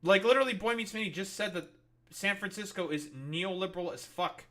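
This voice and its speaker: A young man rants through live-stream commentary, exasperated and profane, throwing in mocking, sarcastic asides. His voice is high and sharp, at a normal speed.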